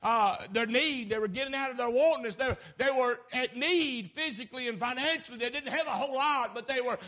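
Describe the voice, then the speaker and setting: A man preaching a fervent sermon, swinging from shouted lines down to low, quiet ones. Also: brisk.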